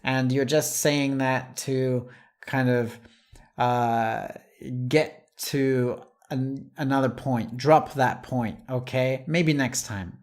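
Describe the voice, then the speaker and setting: A patient English teacher walks learners through everyday expressions, speaking at an unhurried, careful pace. Each example phrase is said slowly and repeated, with the odd light chuckle between points. The voice sits at a middle pitch. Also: steady tone, darkish tone.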